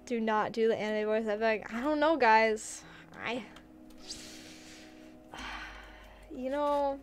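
A woman's voice: on the high side, lively intonation, takes it slowly, long pauses. A young woman streaming a video game, chatting casually and rambling to her chat with frequent giggles.

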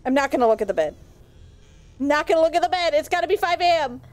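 A woman's voice: high voice, lively intonation, fast talker. A young woman streaming a horror game, scared and swearing as she talks to her chat. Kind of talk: live gameplay commentary.

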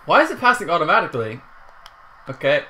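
Excitable young man, bright voice. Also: on the high side, fast. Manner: excitable, swears and yells at the game. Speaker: co-host gamer. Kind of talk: casual let's play banter.

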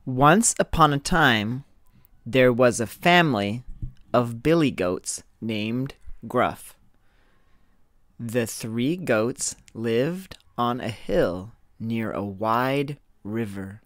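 A man reads a children's fairy tale aloud at a very slow, measured pace. His voice sits in an ordinary middle pitch, and the recording is dry and close. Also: animated, fairly bright tone, no echo. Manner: slow, deliberate reading aloud. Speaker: storyteller. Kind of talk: children's story reading.

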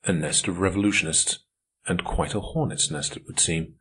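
A man reading a cool, self-assured young gentleman. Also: deep voice, normal speed, breathy edge. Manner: cool and unruffled.

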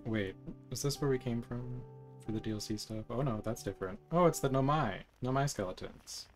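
A man streaming a game live, chatting softly and reacting to what he sees on screen. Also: medium pitch, fairly quick, faint music behind. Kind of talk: live game playthrough commentary.

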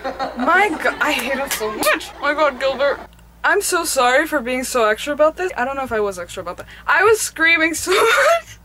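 Young woman fangirling hard, squeals and laughs, voice jumping all over, kinda high. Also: lively intonation, fairly quick, sharp tone, a little hiss or hum. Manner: gushing, squealing, bursts of laughter. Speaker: reaction video host. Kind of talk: excited reaction commentary.

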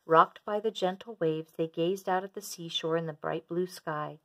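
A woman gently reading a children's storybook aloud in a steady storyteller voice. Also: fairly low pitch, moderate pace.

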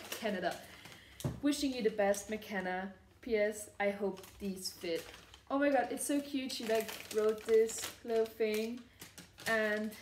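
In a casual unboxing vlog, a young woman with a medium-pitched voice giggles and gushes, using lots of filler words. She's recorded from a distance in an echoey room, with slight background noise.

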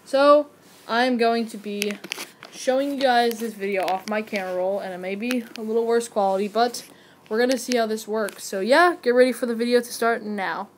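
Woman, toy show vlog host, high-pitched, rambling, tablet camera, faint noise. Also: normal speed, low-quality recording. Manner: rambling, chatty, many fillers. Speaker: video host.

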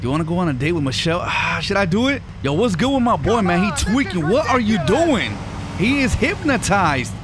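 Dude doing lets play commentary, high animated voice, slangy and joking, game sounds going behind him. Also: male voice, a little fast. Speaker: gaming streamer. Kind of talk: casual let's play commentary.

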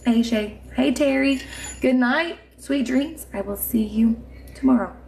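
A woman from Indiana chats into her phone on a live stream, loose, giggly and a little drunk. Her voice sits fairly high with plenty of gravelly fry. A faint hiss of room noise runs underneath. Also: measured pace, darkish tone. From Indiana, USA. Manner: chatty, giggly, swears freely, tipsy. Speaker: livestream host. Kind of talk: casual live-stream chat reading comments. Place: home room with mounted trophies.

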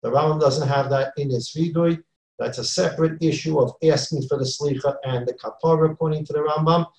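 A man's voice: on the high side, steady tone, fairly quick, darkish tone, echoey room, low-quality recording. A man teaching a Torah class as a rabbi, earnest and repeating key phrases for emphasis, weaving in Hebrew and Yiddish terms. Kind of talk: Torah lecture.

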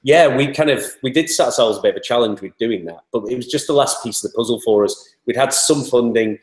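A man's voice: medium pitch, fast, reverberant. A man being interviewed, talking in a chatty, rambling way with many fillers. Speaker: interview guest, toy startup spokesman. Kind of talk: casual interview talk.

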